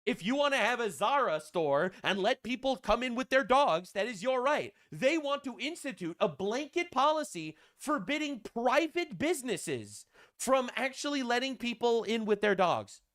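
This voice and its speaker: A man rants on politics in a mocking, sarcastic way, swearing freely. His voice runs high. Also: big pitch swings, moderate pace, fairly bright tone. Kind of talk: political rant commentary.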